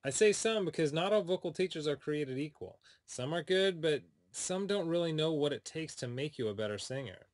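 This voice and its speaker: Singing coach guy doing an eager sales pitch, dry close voice, no room sound. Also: lively intonation, normal speed, hardly any pauses, dry recording. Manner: upbeat, persuasive, direct to the listener. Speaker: singing teacher promoting his course.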